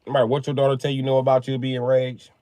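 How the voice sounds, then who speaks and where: A man live-streaming a casual comedic rant. He swears heavily, laughs at his own jokes and acts out other people in loud, high yelps. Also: monotone, very fast, dry recording, low-quality recording. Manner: profane, jokey storyteller.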